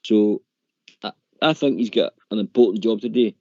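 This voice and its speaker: Mellow low-voiced Scottish caller. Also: male voice, moderate pace, no echo. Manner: hesitant, restarts often, fills gaps with "you know". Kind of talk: casual chat on a call-in show. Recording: dull lo-fi line.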